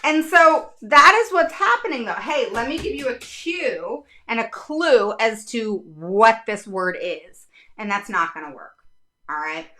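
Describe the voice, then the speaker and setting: A middle-aged woman explaining reading instruction to parents in a casual, animated talk, often checking in with "all right?". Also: a little high, measured pace. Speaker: special education advocate.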